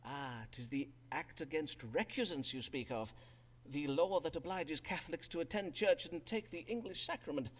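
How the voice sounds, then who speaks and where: An actor playing a pompous Elizabethan doctor and astrologer who speaks in archaic, courtly English. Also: male voice, a little high, normal speed, natural voice. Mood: courteous.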